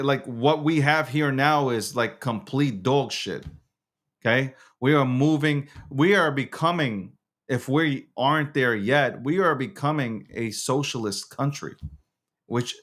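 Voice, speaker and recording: A man hosting his own casual livestream show, rambling and profane, quick to get worked up. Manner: rants loudly with sharp pitch jumps. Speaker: host.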